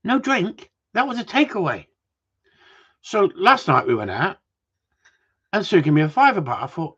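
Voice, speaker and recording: Husky man rambling on a livestream. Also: sits high, big pitch swings, normal speed, pauses often, a bit bright. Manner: rambling, swears, jokey banter. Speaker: livestream host. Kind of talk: casual chat to a live audience. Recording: dull lo-fi sound.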